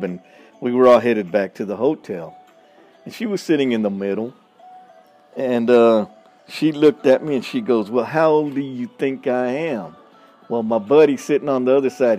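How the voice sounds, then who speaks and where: Guy podcasting, blunt and folksy, warm mellow voice, bit of music behind. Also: medium pitch. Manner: blunt, folksy, laughs often, addresses listeners as y'all. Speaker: podcast host. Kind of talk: casual storytelling monologue.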